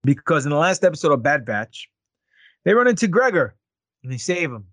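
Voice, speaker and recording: A man's voice: on the high side, sing-song, brisk, a bit bright, dry recording. Joking man with a dry close mic. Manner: joking, rambling with fillers. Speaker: podcast co-host. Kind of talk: casual banter podcast.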